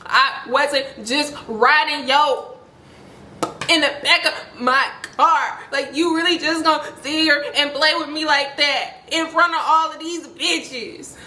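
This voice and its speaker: A woman's voice: very high voice, pushed and bright, a little hiss or hum, voice pushed up. A woman voicing an upset young woman who pleads with a cracking voice, in a roomy space.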